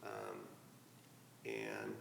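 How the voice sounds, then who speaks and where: Man, low gravelly voice, hesitant, far from the mic, echoey hall, noisy background. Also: completely flat delivery, fairly bright tone. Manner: hesitant, halting speech. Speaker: class participant.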